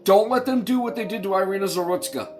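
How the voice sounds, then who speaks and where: High-voiced man ranting, profane and impassioned. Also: fast talker. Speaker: commentator. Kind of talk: angry political rant to camera.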